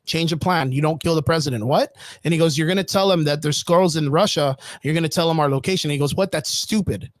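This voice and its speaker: A man co-hosting a podcast in casual debate, profane and animated, acting out scenes as he retells them. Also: on the high side, quick pace, dry recording. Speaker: podcast co-host.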